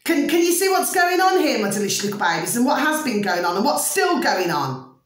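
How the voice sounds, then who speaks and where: A woman's voice: high voice, big pitch swings, moderate pace, very echoey, far from the mic. A woman vlogger in an opinionated monologue, emphatic and ranting, forever asking her viewers if they see what she means. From United Kingdom.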